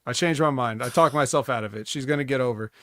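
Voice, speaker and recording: A man co-hosting a wrestling podcast, measured and dryly skeptical, reasoning his way through points. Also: mid-range voice, a bit bright, no room sound, studio quality. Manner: measured and dryly skeptical, talks himself around. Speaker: podcast co-host. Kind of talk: casual wrestling chat.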